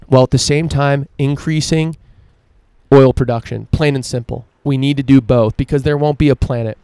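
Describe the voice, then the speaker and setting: Male podcast host, solo rant, profane and emphatic, smooth dark voice, little melody. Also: mid-range voice, fairly even intonation, normal speed, no room sound. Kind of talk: solo opinion podcast monologue.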